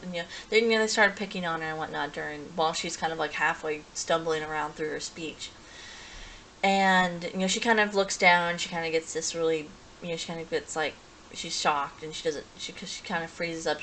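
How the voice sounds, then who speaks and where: A woman with a lowish voice recaps a story in a loose, casual way. She talks in a rambling stream, restarting sentences and filling gaps with fillers as she goes. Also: a bit bright, slight background noise, low-quality recording. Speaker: reviewer.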